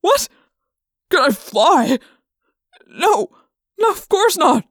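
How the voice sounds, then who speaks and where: A woman voicing a frightened grown man, an elephant trainer, who stammers and shouts in an audiobook reading. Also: very high-pitched, sing-song, measured pace, no echo, clean studio sound, pitched above the performer's own voice, exaggerated voice. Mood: terrified. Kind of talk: audiobook character voice.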